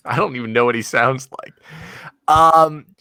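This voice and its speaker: Guy guesting on a podcast, teasing dry humor, bright voice, no room echo. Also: medium pitch, moderate pace, smooth. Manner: teasing, dry, laughs easily. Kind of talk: casual livestream chat.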